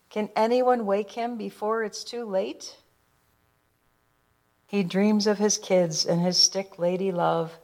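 A woman reading a rhyming picture book aloud in a rhythmic, expressive way. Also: medium pitch. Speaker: storybook reader.

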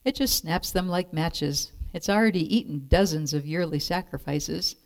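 A woman voicing a bold, feisty young noblewoman who speaks briskly and with spirit, in a storybook reading. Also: deep voice.

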